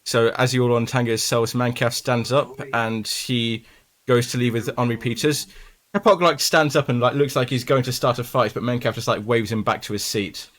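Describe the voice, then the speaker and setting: A man's voice: medium pitch, fairly even intonation, moderate pace, fairly bright tone. A man running a tabletop horror game as game master, narrating casually with frequent ums.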